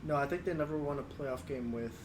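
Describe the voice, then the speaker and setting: A young man co-hosting a sports podcast, talking in a relaxed, playful, easygoing way. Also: mid-range voice, quick pace, roomy sound, noisy background. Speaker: podcast co-host. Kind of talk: casual sports chat.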